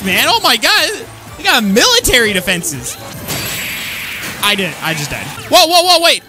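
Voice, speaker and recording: A woman commenting on her own gameplay, excitable and slangy, often yelling at the screen. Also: high voice. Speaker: gaming channel host. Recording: loud game music behind voice. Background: game music.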